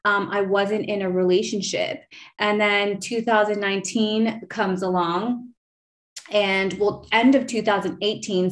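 A woman in her thirties hosting a podcast, telling a personal story in a chatty way, full of fillers and restarts. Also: mid-range voice. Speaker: podcast host.

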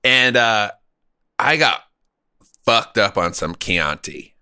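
Bright-voiced man telling a rambling story. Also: fairly low pitch, animated, slow pace, clean tone. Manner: rambling, laughing, crude. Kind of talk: casual storytelling.

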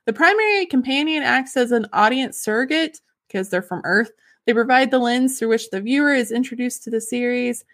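A woman's voice: fairly high pitch, fairly quick, hardly any pauses. A woman casually sharing fun facts on a podcast, giggly and enthusiastic. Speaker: podcast host. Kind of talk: casual chat, reading out facts.

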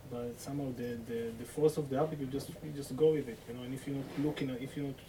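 A man from the audience shares his experience in a halting way, with many restarts. His voice stays flat and level. He is picked up from far off, with clear background noise in the recording. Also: mid-range voice. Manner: hesitant, full of restarts, halting. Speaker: questioner from the audience. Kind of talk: personal sharing in a talk. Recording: distant mic with noticeable background noise.

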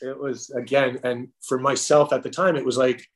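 Guesting on a podcast, a middle-aged man speaks in a mid-range voice with little pitch movement. His emotional personal story stumbles along, packed with fillers and false starts.

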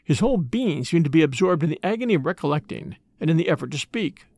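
A man narrating a classic novel in the first person, with expressive, measured storytelling. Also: on the high side, dry recording, studio quality. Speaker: audiobook narrator.

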